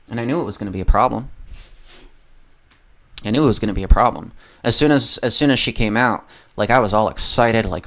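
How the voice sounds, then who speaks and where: A man's voice: lowish voice, brisk, fairly bright tone. A man ranting about politics on a livestream, swearing constantly, rambling and often losing his train of thought. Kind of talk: profane political rant on a livestream.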